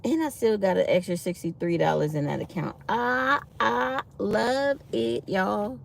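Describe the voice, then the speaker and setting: A woman's voice: medium pitch, measured pace, creaky, a little hiss or hum. A middle-aged woman hosting a casual livestream, chatty and laughing, calling her viewers y'all. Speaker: livestream host.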